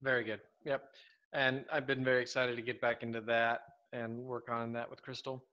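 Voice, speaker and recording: A man's voice: mid-range voice, level tone, moderate pace. Rambling man on a lo-fi stream. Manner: rambling, self-correcting, easygoing. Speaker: co-host of a fiction writing live stream. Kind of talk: casual live-stream chat.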